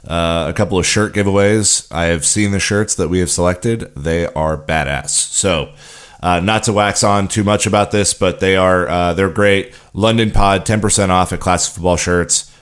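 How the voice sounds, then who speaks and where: Deep smooth-voiced man chatting casually. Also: steady tone, moderate pace. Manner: laid-back, chatty, uses "you know" a lot. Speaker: podcast co-host. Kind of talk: casual podcast chat.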